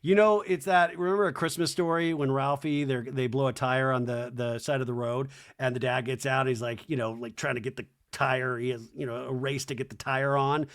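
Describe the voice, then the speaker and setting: A man hosting a podcast, chatting casually and animatedly as he recaps a reality show. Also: medium pitch. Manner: animated, chatty, quick to act out quotes. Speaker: podcast host.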